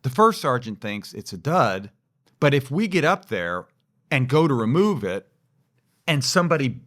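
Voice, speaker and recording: A man co-hosting a podcast, telling a personal story in a lively, animated way. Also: mid-range voice, moderate pace. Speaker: podcast co-host. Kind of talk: storytelling in casual chat.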